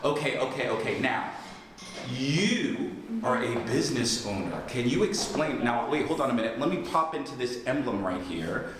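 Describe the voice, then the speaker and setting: A man's voice: medium pitch, animated, moderate pace, a bit bright. A man hosting a casual interview, enthusiastic and fond of repeating his phrases. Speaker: interview host and English teacher. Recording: very echoey room, faint noise.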